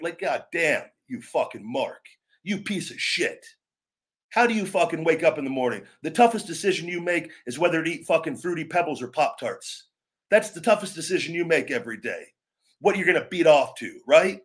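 Slightly high-voiced and a bit quick, a man running a live wrestling broadcast lashes out at online trolls with heavy profanity. The rant gives way to calmer talk that rambles and restarts.

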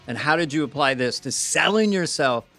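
A man's voice: on the high side, animated, moderate pace, bright, forceful tone, faint music behind. A man co-hosting a podcast, reading an ad in an upbeat, salesy way and asking the guest questions. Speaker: podcast co-host. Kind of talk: casual chat and ad read.

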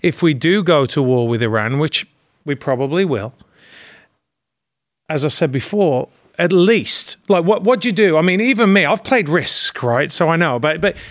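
A man's voice: high voice, dry recording, clean studio sound. A man co-hosting a political talk show, speaking in an indignant, rambling way. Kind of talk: political commentary.

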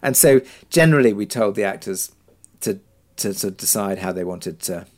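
Relaxed man thinking aloud. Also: lowish voice, normal speed. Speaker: drama producer, guest. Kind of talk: reflective interview answers.

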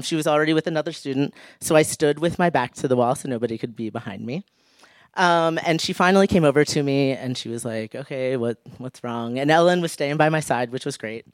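A man's voice: a little high, expressive, a little fast, no echo, studio quality. A man telling a humorous personal story on stage, laughing often and acting out the people he quotes. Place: live stage show.

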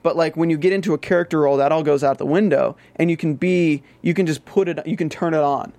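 Chatty Southern man, fairly high voice. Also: steady tone, fast talker, darkish tone, no room sound. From American South. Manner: rambling, many restarts and "like" fillers. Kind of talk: casual TV recap chat.

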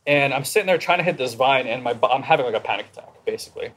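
A man in a casual conversation, telling a personal story in an animated way and acting out his inner dialogue. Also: mid-range voice, very fast, a little hiss or hum.

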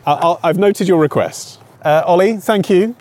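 A man's voice: high voice, measured pace, a little hiss or hum. A man hosting a podcast, chatting playfully and teasing his co-host. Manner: playful, teasing, animated storytelling. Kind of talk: casual chat.

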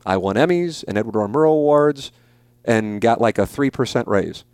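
A man's voice: medium pitch, expressive, normal speed, a little mellow, smooth, no echo. Blunt, profane man in his forties. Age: 40s. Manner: blunt, profane and emphatic, with frequent repeats. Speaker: podcast host. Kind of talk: casual podcast chat answering listener questions.

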